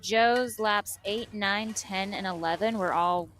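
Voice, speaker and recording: A woman's voice: medium pitch, slow pace, fairly bright tone, slight background noise. A woman co-commentating a live race, reading off lap times and chiming in with short reactions. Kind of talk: live sports commentary banter.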